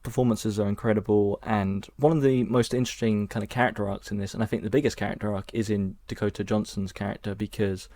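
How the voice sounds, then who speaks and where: A young man co-hosting a podcast who comments on a film in a measured, even way. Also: lowish voice, no echo. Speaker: podcast co-host. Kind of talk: casual film review chat.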